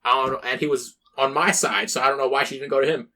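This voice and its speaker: A man's voice: medium pitch, level tone, fast, pushed and bright. A young man co-hosting a podcast, telling a rambling story with lots of swearing and acted-out quotes. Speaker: podcast co-host. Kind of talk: casual chat.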